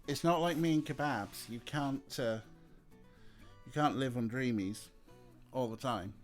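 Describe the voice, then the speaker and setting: A man commentating a narrative game as he streams it, speaking slowly and loosely at a middle pitch. Faint game music plays under his voice. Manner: rambling, chatty asides. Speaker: let's play streamer. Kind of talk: casual gameplay commentary.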